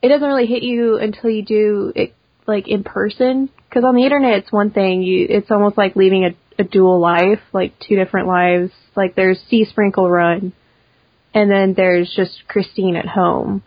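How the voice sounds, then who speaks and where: A young woman guest, a cosplayer, talking casually in an interview, quick and chatty with many restarts. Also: medium pitch, steady tone, no room sound, highs cut off.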